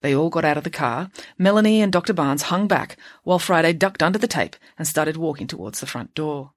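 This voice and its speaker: Woman storyteller, animated rises and falls, lowish voice. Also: brisk, dry recording, studio quality. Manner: relaxed, conversational asides. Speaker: audiobook reader. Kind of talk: storybook narration with asides.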